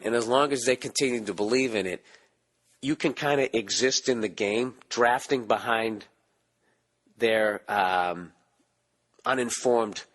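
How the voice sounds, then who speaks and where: A man in his forties with a Boston accent and a lowish voice, hoarse from screaming, hosts a podcast. He rants casually and animatedly, swearing a lot and throwing in mocking asides.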